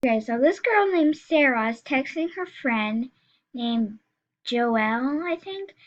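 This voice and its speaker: A high-voiced teenage girl chatters loosely to her viewers, stumbling through restarts and fillers as she goes. The sound is a little dull and lo-fi, as if from a built-in mic. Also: lively intonation, slow. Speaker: YouTuber. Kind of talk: casual reaction vlog, reading texts aloud. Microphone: screen recorder, built-in mic.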